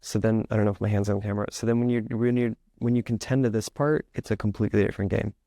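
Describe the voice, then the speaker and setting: A man who is an author and musician rambles casually as a podcast guest, saying "like" constantly and acting out the thoughts he describes. His voice is lowish, steady, fast, and dark in tone. The studio sound is clean, with no echo.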